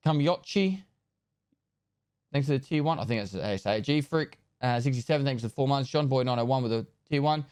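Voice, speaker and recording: A man streaming live, casually chatting and rattling off viewer names and thanks in quick bursts, loose and joking with the odd swear, into a close desk microphone. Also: a little high, darkish tone, clear, resonant tone, no echo. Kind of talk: casual live-stream chat, reading out subscriber thank-yous.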